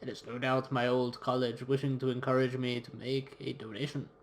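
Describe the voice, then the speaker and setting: A man voicing a calm, wise gentleman explorer, reading game dialogue aloud in a low, measured voice. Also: a little hiss or hum, natural voice.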